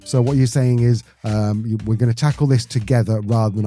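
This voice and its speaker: A man's voice: lowish voice, fairly even intonation, fast, hardly any pauses, warm tone, faint music behind. A man co-hosting a podcast in a chatty, joking way, often breaking off and restarting his sentences. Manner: chatty, jokey, self-interrupting. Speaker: podcast co-host. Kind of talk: casual podcast chat.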